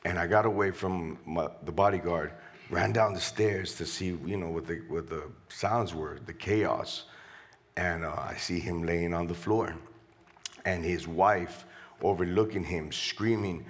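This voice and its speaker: A man's voice: low voice, measured pace. A middle-aged man from Colombia, a guest on stage, animatedly retelling a story and quoting voices. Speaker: interview guest. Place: live event stage.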